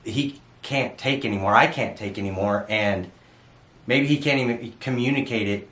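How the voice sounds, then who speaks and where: Man, halting and searching for words, low pitch, echoey home room. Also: fairly bright tone. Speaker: co-host living with dementia. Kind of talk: candid casual chat.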